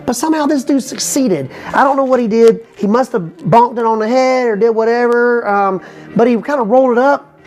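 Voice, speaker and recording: Guy riffing a wild comedy bit super fast, keeps saying you know what i'm saying. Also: very high voice, a little mellow, faint music behind. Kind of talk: rambling comic storytelling.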